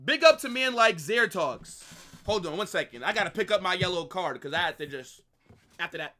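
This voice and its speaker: Young male streamer, livestream football reaction, excitable and exasperated, bright tone, very animated delivery. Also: high-pitched, a little fast. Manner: excitable, exasperated ranting with swearing and repeated phrases. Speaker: football watch-along streamer. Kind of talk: live match reaction.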